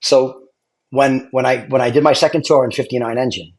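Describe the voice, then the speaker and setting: A middle-aged man from Brooklyn with a New York accent, a retired fire lieutenant telling animated stories and acting out quotes. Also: mid-range voice, a little fast, gravelly. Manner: animated storyteller, acts out quotes, laughs often. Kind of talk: casual storytelling chat.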